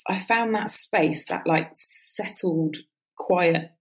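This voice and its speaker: A woman, maybe in her thirties, speaking as a guest in a relaxed, reflective conversation, with lots of fillers and a casual swear now and then. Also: lowish voice, takes it slowly, low-quality recording. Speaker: podcast guest.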